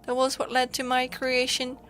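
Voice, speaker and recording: A woman's voice: high voice, completely flat delivery, a bit bright, faint music behind. A woman reading as a grieving, formal robot. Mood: explaining. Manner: halting, repetitive robotic statements. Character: grieving robot built to help, flat and formal.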